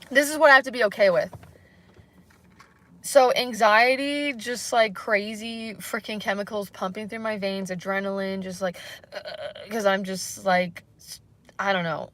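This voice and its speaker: A woman's voice: mid-range voice, a bit bright. Anxious young woman rambling on a livestream. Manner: rambling, self-searching, halting, many fillers. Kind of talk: candid solo livestream chat.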